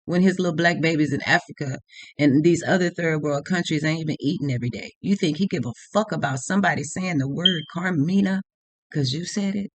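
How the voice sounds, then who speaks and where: A woman's voice: sits low, brisk, no echo. Blunt, profane woman tarot reader ranting. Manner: blunt, heavily profane, laughs at her own points. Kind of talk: unscripted rant to camera.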